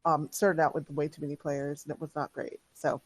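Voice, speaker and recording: A woman's voice: deep voice, flat delivery, brisk. A woman who is the game master, chatting casually before a tabletop session in a talkative way with lots of filler words.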